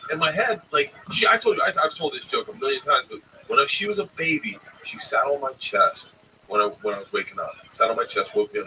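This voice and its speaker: A man in his forties, a comedian, telling profane family stories in casual chat and acting out the quotes. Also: on the low side. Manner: profane, animated storyteller who acts out quotes. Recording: distant mic, faint background noise.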